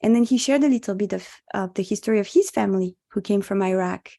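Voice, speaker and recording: A woman's voice: mid-range voice, fast talker, creaky, dark tone. A woman rabbi giving an earnest, reflective spoken teaching at an online meditation session, mixing in Hebrew religious terms, heard over a video call.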